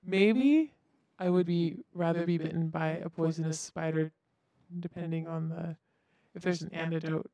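A relaxed woman with a slightly low voice chats easily on a podcast and agrees often. The sound is dry and close-miked. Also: normal speed, no room sound. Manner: relaxed, agreeing with many short yeahs. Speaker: podcast co-host. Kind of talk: casual chat.

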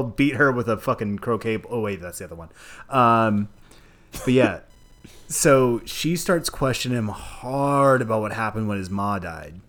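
A man's voice: fairly low pitch, moderate pace. A man co-hosting a podcast, talking casually about a film, swearing freely and laughing often. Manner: animated, profane, laughs often. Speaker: podcast co-host. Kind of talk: casual movie discussion.

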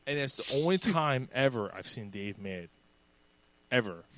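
A man's voice: mid-range voice, lively intonation, unhurried, a bit bright. A man co-hosting a podcast, telling a story in casual banter, swearing a lot, laughing and acting out what people said. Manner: profane, laughing, acts out quotes. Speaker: podcast co-host.

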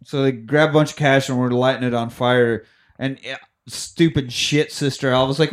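A man co-hosting a podcast, casually and profanely retelling a film's plot, dropping quick voices for the characters. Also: medium pitch, steady tone. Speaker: podcast co-host. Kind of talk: casual movie-recap chat.

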